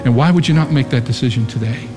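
A man's voice: medium pitch, fast talker, big-room sound, over music. A man preaching a sermon with impassioned, rising and falling emphasis in a large church. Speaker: pastor.

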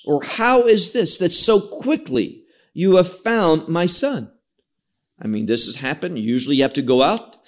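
A man teaching through a scripture passage in an expository sermon, explaining words emphatically. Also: a little high. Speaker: Bible teacher.

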